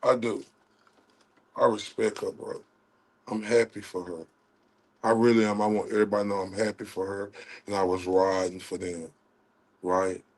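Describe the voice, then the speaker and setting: A man hosting a livestream, ranting in a heated, profane way and swinging between loud outrage and quiet apologies. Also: lowish voice, flat delivery, normal speed, pauses often. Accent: Southern US. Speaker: livestream host.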